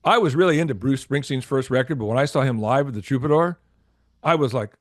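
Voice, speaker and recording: A man's voice: mid-range voice, fast talker, no room sound. Older male guest, storyteller, acts out dialogue, dry close sound. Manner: animated anecdotes with acted-out quotes, frequent restarts. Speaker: former record label promotion executive, guest. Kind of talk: storytelling interview.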